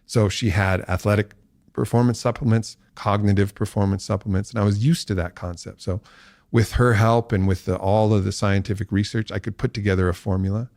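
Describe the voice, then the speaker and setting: A man in his forties, a podcast guest, telling a story in casual talk and acting out quotes with big jumps in pitch. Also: steady tone, brisk, a little mellow, no echo, studio quality.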